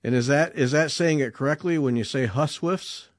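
A man's voice: medium pitch, moderate pace, dry recording, studio quality. A man hosting a needlework podcast, chatty and enthusiastic, joking with his guest. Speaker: podcast host. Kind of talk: casual interview chat.

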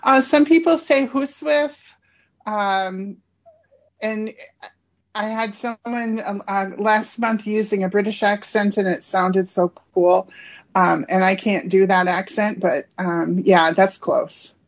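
A woman's voice: mid-range voice, fairly even intonation, takes it slowly. Friendly woman guest, casual chat. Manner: friendly, slightly hesitant with frequent ums. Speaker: guest author and collector.

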